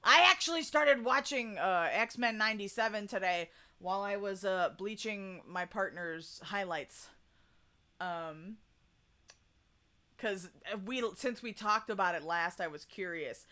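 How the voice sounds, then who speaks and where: A woman's voice: mid-range voice, a little slow, sharp tone. A young woman game streamer chatting casually with viewers, swearing freely and trailing off mid-thought. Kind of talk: casual chat with live chat. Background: game music.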